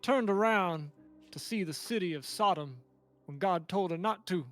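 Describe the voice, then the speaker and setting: A man's voice: high voice, normal speed, faint music behind, lightly acted. A man voicing a crazed, naked homeless man who rambles and preaches like an unhinged prophet, in tabletop role-play. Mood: preachy warning.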